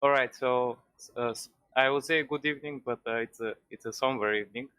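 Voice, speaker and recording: Man, non-native English, caller, hesitant, bright voice, dry sound. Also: mid-range voice, brisk, clean tone, dry recording. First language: not English. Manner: hesitant, many restarts and fillers. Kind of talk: casual call-in chat.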